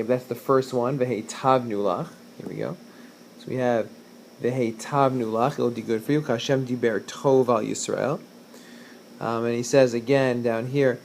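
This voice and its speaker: A man's voice: mid-range voice, creaky, darkish tone, a little hiss or hum. A man teaching a recorded lesson, reading Hebrew verses and translating them line by line, with frequent fillers and self-corrections.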